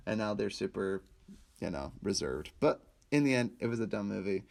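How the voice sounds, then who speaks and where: A young man with a lively, often laughing way of talking, co-hosting a casual chat about movies. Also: medium pitch, brisk, gravelly. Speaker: podcast co-host.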